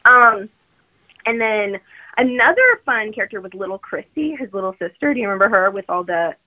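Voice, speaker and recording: A woman's voice: medium pitch, a little fast. Chatty woman on a muffled phone line. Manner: animated, rambling, many fillers. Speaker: regular phone-in guest. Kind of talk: casual chat. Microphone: phone call.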